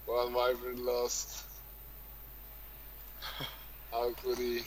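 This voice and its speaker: A man's voice: mid-range voice, unhurried, fairly bright tone, slight background noise, poor audio. A man co-commentating a live strategy game, trading teasing jokes with the other hosts. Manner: joking, teasing banter.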